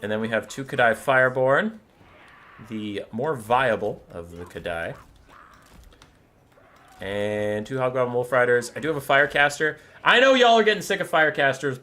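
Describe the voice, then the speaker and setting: Young man, sick, casual game-stream chat, rambling, bright tone, animated pitch. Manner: rambling, swings to cooing baby talk over pet photos. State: sick, stuffy. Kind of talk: casual gameplay chat with viewers.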